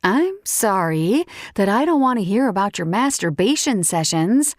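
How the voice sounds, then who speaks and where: A woman's voice: mid-range voice, sing-song, normal speed, dry recording, clean studio sound, natural voice. A woman voicing a blunt, teasing female café boss in an audiobook.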